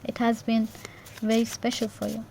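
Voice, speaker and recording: A woman giving an intuitive tarot reading in a gentle, reassuring way, repeating herself and checking in with "yeah?". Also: on the high side, completely flat delivery, normal speed, creaky, a little hiss or hum. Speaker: tarot reader.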